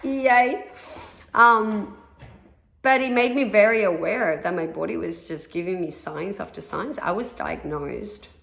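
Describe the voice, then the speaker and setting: A woman's voice: fairly low pitch, unhurried, gravelly, fairly bright tone. A woman hosting a podcast, telling her own story in a candid, loose way, swearing often and filling her speech with "like" and "you know". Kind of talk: personal storytelling monologue. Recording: echoey room.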